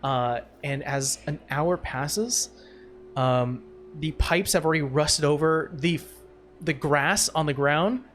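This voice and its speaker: A man with a high voice narrates a tabletop game as its game master. He talks loosely, with many fillers and restarts. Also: takes it slowly, a bit bright, slight background noise.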